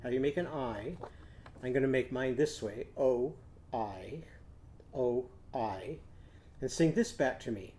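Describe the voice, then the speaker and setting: An older man, a teacher, leading a children's phonics lesson in a gentle, patient way and prompting the kids to repeat after him. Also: medium pitch, a little slow, pauses often, a little hiss or hum.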